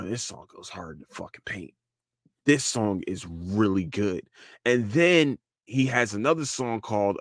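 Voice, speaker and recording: A man hosting his own podcast, talking loosely and profanely. His voice sits at an ordinary middle pitch. He is recorded on a close mic in a dry room with no reverb. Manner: animated, profane, repeats and restarts a lot. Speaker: podcast host. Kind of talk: casual solo podcast rant.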